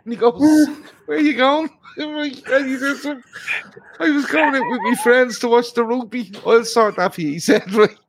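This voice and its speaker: An Irish man telling a crude, animated story, laughing as he goes, in casual chat. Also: extremely high pitch, normal speed, background noise. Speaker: podcast co-host.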